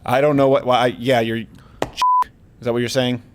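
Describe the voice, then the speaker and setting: A male talk show host in comedic banter, animated and rambling with jokey asides. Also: mid-range voice, moderate pace, slight background noise.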